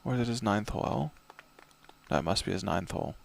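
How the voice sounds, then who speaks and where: A man giving live golf commentary in a relaxed, chatty way, with tips and play calls. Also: fairly low pitch, brisk, creaky.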